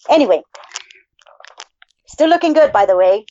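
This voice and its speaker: A woman co-hosting a podcast in casual chat, profane and animated as she rambles. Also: mid-range voice, moderate pace. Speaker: podcast co-host. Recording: dull lo-fi sound.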